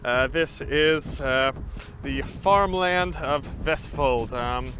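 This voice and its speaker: A man's voice: medium pitch, drawn-out words, sharp tone. A young man from Norway, casually explaining to camera as a vlog host, chatty with many fillers and restarts. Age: young adult. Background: music.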